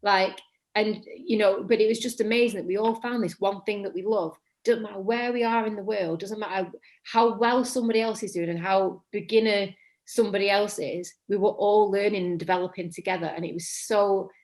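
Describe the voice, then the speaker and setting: A fairly quick, mid-range female voice: a Mancunian woman from England in her thirties, appearing as a guest actor in a casual interview. She rambles and corrects herself as she chats, and remarks that her voice tends to sound monotonous.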